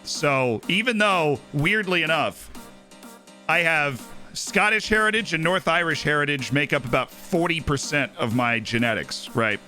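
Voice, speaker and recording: A man's voice: on the high side, expressive, measured pace, pushed and bright, soft background music. A man hosting a live stream, chatting casually about football and rambling with lots of "right?" and "like". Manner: rambling, tags "right?" and "like" often.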